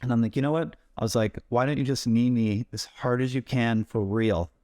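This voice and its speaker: A man tells his stunt stories with bounce and energy, jumping up in pitch when he acts out other people's lines. His voice sits in an ordinary middle register. The sound is close and dry, with no room around it. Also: fairly quick, no room sound. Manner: animated anecdotes, acts out quoted voices. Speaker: stuntman guest. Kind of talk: casual storytelling interview.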